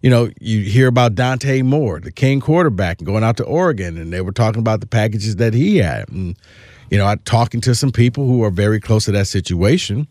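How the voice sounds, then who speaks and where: A man's voice: lowish voice, expressive, fairly quick, a little mellow, dry recording, clean studio sound. A man co-hosting a sports podcast, talking in a casual, emphatic and opinionated way, often restarting his phrases.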